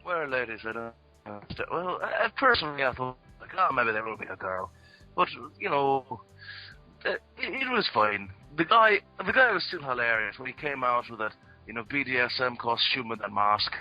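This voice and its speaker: A young man in casual chat who trolls his friends in a deadpan, mock-formal way, with crude humor. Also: mid-range voice, normal speed, lo-fi sound, faint music behind.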